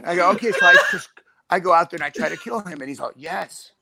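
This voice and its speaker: Gravelly man telling rambling stories. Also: high-pitched, expressive, fast, background noise. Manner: profane, rambling storyteller. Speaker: guest. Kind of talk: casual chat.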